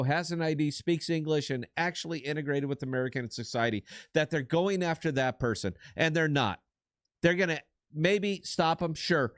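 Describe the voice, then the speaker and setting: A man's voice: a little high, dry recording, clean studio sound. Blunt, profane male podcast ranter. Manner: blunt, profane, emphatic ranting. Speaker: podcast co-host. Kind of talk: heated political commentary.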